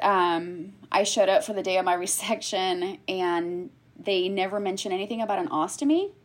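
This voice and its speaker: A woman in casual chat, telling a personal story with lively acted-out quotes. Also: mid-range voice. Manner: animated storyteller, acts out quotes. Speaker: guest sharing her story.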